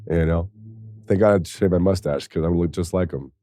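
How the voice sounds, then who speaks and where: Deep, dark-voiced man telling a raw story. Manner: candid and profane, with laughs and soft, choked passages. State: tearful. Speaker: podcast guest, former pro football player. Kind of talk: emotional personal storytelling.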